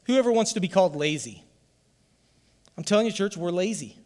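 Pastor, male, high voice, fervent sermon delivery that rises to loud calls to the congregation, church hall reverb. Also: expressive, fairly quick.

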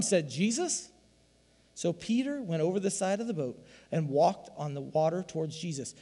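A man's voice: a little high, big pitch swings, a little fast. Preaching man in a reverberant hall. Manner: dynamic preaching, swings from loud emphasis to hushed asides. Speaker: pastor. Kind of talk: sermon.

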